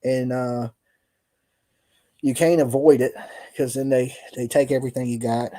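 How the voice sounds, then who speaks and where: A man's voice: medium pitch, fairly even intonation, measured pace, mellow. A tired man chatting casually on a live stream in loose, colloquial talk. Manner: loose, colloquial, laughing storyteller. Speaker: livestream host.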